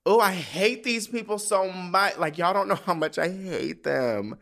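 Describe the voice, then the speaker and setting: A man hosting a podcast, talking in a sassy, profane, animated way. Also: high-pitched, unhurried, vocal fry. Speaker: podcast host. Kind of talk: casual commentary.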